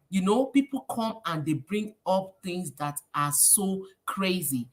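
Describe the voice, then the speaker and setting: A woman with a Nigerian accent hosting a casual livestream, preachy and lively, slipping in Pidgin phrases. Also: on the low side, unhurried. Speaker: livestream host.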